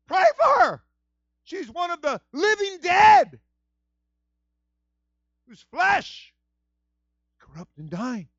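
A man voicing Aaron, a panicked male high priest who pleads in a frantic shout, within a sermon. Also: animated, normal speed, few pauses, breathy edge, no room sound, highs cut off.

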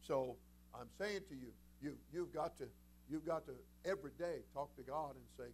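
A man preaching from the pulpit, his voice sitting a little high for a man and swinging between low asides and soaring shouted runs. He acts out the scenes he tells. A faint hum sits behind him. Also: moderate pace. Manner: animated preaching that builds to shouting, acts out bits of the stories. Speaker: senior pastor. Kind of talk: sermon.

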